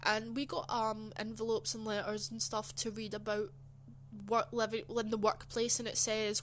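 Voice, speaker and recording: A young woman telling a personal story in a casual, rambling way, soft and emotional, with lots of fillers. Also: fairly high pitch, little pitch movement, moderate pace. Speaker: channel host.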